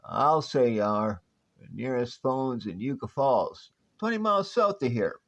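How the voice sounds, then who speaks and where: A man voicing a grizzled old male desert prospector with a slow, folksy drawl, on a dull lo-fi recording. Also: on the high side, expressive, darkish tone.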